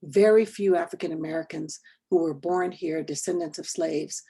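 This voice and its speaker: Gravelly, husky woman leading a training. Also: sits low, fairly even intonation. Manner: earnest, deliberate, trails into a soft near-whisper at the end of points. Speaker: workshop trainer. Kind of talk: online training presentation.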